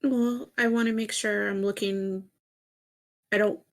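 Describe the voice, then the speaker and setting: A woman player in a tabletop game, asking steady questions in a calm, even voice at a medium pitch. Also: measured pace. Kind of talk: tabletop role-play.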